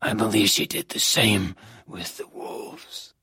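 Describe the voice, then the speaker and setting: A reader voicing a broken, guilt-ridden young man who was held captive, in a whispered role-play, hushed, halting and grave. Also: mid-range voice, wildly swooping pitch, slightly rough, no room sound, voice pushed down, heavily acted. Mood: haunted whisper.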